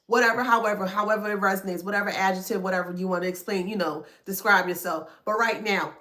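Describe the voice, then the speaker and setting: A woman's voice: mid-range voice, brisk, pushed and bright. A woman giving a spiritual self-help talk to her viewers. She talks emphatically, in a preachy way, repeats points and checks in with "that makes sense?". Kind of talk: motivational talk to camera.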